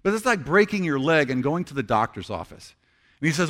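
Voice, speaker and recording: A man's voice: fairly high pitch, animated, fast, a bit bright. A man preaching a sermon as pastor, conversational and earnest, acting out heartfelt prayers.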